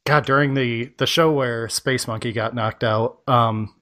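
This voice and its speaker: A man co-hosting a relaxed podcast, with a middle-pitched everyday voice. He talks in an easygoing way, with plenty of filler words. He often tosses questions to his co-host. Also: measured pace. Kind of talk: casual podcast chat.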